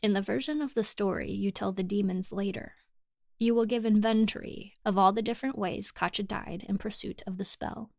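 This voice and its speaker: A woman narrating a short story for a podcast in a measured, even storytelling manner. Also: mid-range voice, gravelly, dry recording, studio quality. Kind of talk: scripted fiction narration.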